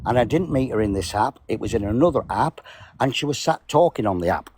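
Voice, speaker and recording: A man's voice: medium pitch, lively intonation, brisk. A man on a live stream, answering accusations in a curt, defensive way from outside a school. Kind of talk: defensive argument. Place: outdoors by a school. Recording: crowd noise behind.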